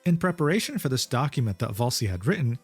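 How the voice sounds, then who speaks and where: A man's voice: medium pitch, sing-song, fast talker, slightly rough, soft background music. A man narrating a drama commentary video, reading out messages with sardonic asides.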